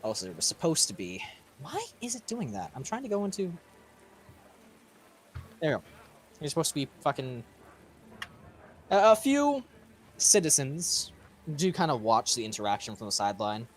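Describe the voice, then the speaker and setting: A man's voice: a little high, huge pitch swings, normal speed, pauses often, a little hiss or hum. A man running a tabletop game as game master, casual and laughing, with frequent swearing.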